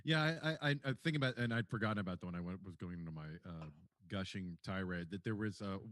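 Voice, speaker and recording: A man's voice: sits low, fast talker, a bit bright, no room sound. A man co-hosting a podcast, gushing about a TV show, swearing freely and stumbling over restarts. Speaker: podcast co-host. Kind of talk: casual chat.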